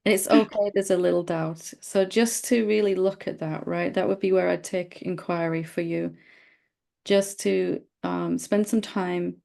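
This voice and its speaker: A middle-aged woman leading a satsang dialogue as a spiritual teacher, speaking gently and playfully, sometimes teasing. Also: lowish voice, fairly even intonation, a little slow, gravelly.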